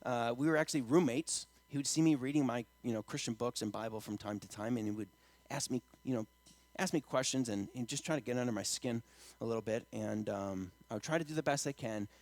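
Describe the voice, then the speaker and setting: A man preaching a sermon as pastor, rising to loud emphatic lines and dropping to a quiet storytelling tone. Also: brisk, no echo. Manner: emphatic preaching, getting louder and higher on key lines; drops to quiet storytelling in the anecdote.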